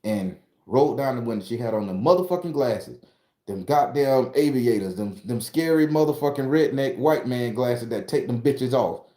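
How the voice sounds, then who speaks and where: A man from southern Florida hosts his own storytelling channel, swearing freely as he rambles through a personal tale. His voice sits at an ordinary middle pitch but rises and gets louder when he is worked up, and the room gives it a noticeable echo. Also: expressive, normal speed. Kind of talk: casual storytelling, profane. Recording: roomy echo.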